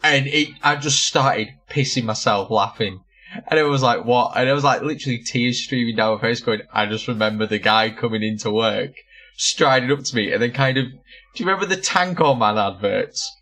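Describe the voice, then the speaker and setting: A young man chatting on a podcast, spinning funny stories and cursing freely. His voice is bright and forward, and he laughs through his tales with middling pitch. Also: fairly quick. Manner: swearing, laughing storyteller. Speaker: podcast co-host. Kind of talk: casual chat.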